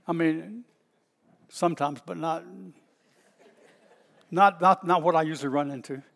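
A middle-aged man with a Southern US accent, a pastor preaching in a folksy, storytelling way that bursts out loud at times. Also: a little high, a little slow, vocal fry, in a large hall. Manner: folksy and animated, stretches words, bursts out loud. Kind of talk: storytelling sermon.

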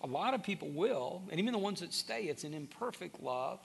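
A man delivers a sermon in an earnest, pleading way, stumbling over repeated words as he builds his points. His voice is gravelly with fry and sits a little high for a man. A faint hum runs under the recording. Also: lively intonation, brisk. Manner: earnest, repeats words when starting sentences. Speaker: pastor.

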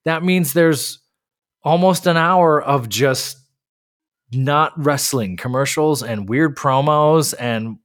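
A man's voice: on the high side, a bit bright. Exasperated man ranting on a podcast. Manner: exasperated, ranting, fast bursts. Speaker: podcast co-host. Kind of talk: casual chat.

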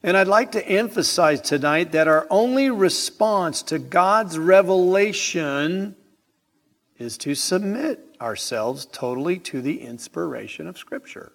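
A man delivers an evening sermon in a church sanctuary, pressing his points with rhetorical questions. His voice sits somewhat high and he speaks at a very slow, deliberate pace. A long reverb from the hall trails every phrase. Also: expressive, vocal fry, fairly bright tone. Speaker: preacher.

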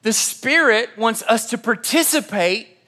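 A man's voice: extremely high pitch, a little slow, bright, forceful tone. A young man preaching a sermon in a church, telling personal stories and acting out the dialogue in them. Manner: storytelling, acts out quoted dialogue. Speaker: pastor. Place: church auditorium.

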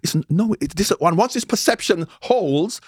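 A man's voice: high-pitched, animated, moderate pace, breathy edge, no echo, studio quality. A man in his sixties, a guest in a heated interview, arguing his point insistently and pushing back on interruptions. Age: 60s.

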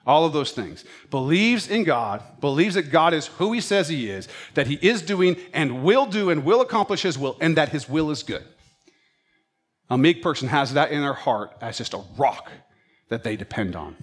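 Lively, animated preaching man. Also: fairly high pitch, moderate pace. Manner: animated storytelling preacher who acts out his pets' thoughts. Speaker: pastor. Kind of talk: sermon.

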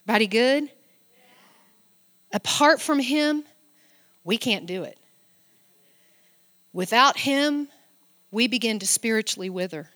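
Slow, bright-voiced woman preaching. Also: on the high side, lively intonation, big-room sound. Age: middle-aged. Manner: swings from loud exclamations to soft near-whispers; affectionate, speaks straight to the congregation. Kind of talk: sermon with scripture reading.

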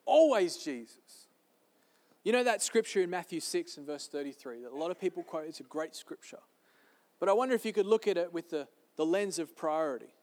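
Pastor, male, high-pitched and emphatic, preaching in a big reverberant hall. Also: animated, fast talker, darkish tone. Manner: emphatic, repeating key phrases. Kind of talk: sermon. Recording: long reverb of a large hall.

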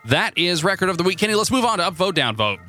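A man's voice: high-pitched, very animated, fast talker, pushed and bright, faint music behind. A man hosting a casual comedy podcast, rambling through stories with stammers and laughs. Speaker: podcast host.

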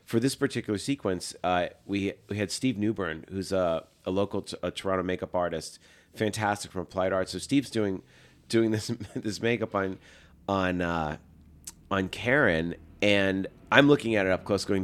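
Guy around 50 w a lowish voice, spins a story fast, acts out quotes, laughs a lot. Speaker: film director guest. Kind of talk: animated anecdote-telling.

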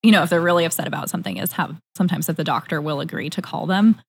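A woman hospital nurse telling a work story in relaxed conversation. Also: deep voice, rapid-fire, creaky, slightly rough. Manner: conversational, laughs along. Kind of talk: casual chat.

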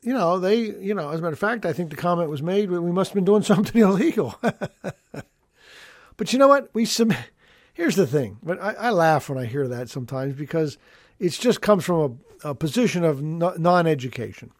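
A middle-aged man, an estate planning attorney, hosts an educational talk show in the style of radio. His fairly high voice has lively intonation at a normal speed, and he explains rules emphatically and folksily, restating key points. The audio is studio quality with no echo.

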